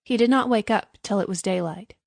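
A woman narrating a storybook in a measured, clear reading. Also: mid-range voice, no room sound.

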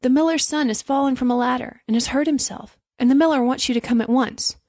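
Humble young gardener, earnest and eager to please, a bit higher, dry room, as a woman reads him. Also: quick pace, a little mellow, no room sound.

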